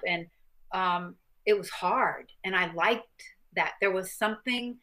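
A woman guest on an interview show, telling her own stories in an animated, self-mocking way. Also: mid-range voice. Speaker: guest, former boxing champion. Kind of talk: casual interview storytelling.

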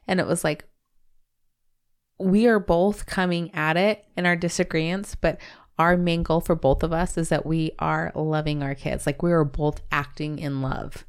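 A woman from Minnesota co-hosts a podcast in casual chat. She speaks in a slightly low voice and is playful and teasing, breaking into laughter often. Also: fairly even intonation, moderate pace, smooth. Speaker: podcast co-host.

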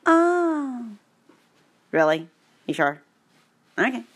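A woman's voice: medium pitch, expressive, unhurried, slight background noise. A woman reading technical text aloud, with playful, sarcastic asides. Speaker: vlogger. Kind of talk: joking read-aloud commentary.

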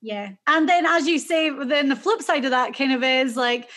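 A woman's voice: sits high, moderate pace, bright, forceful tone. A woman with a Scottish accent, co-hosting a casual golf analysis chat and thinking aloud with fillers. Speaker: co-host.

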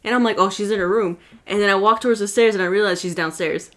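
A woman's voice: medium pitch, fast talker. A woman co-hosting a podcast, telling a story in casual chat and acting out the voices in it. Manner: lively storyteller who acts out quotes. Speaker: podcast co-host.

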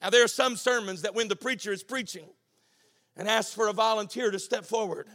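Pastor, male, impassioned preacher; bright, ringing voice. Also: high voice, brisk. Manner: impassioned, rising to shouting and sing-song cadence. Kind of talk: sermon.

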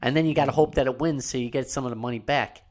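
A man's voice: mid-range voice, steady tone, very fast, a little mellow. A man co-hosting a casual podcast chat, blunt and profane, laughing often.

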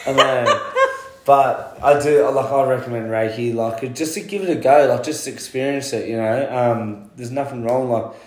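A man's voice: mid-range voice, fairly even intonation, moderate pace. A man with an Australian accent, chatting as a guest who works as a concreter, swearing freely and laughing at himself. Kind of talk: casual chat. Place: at home, indoors. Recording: roomy home recording.

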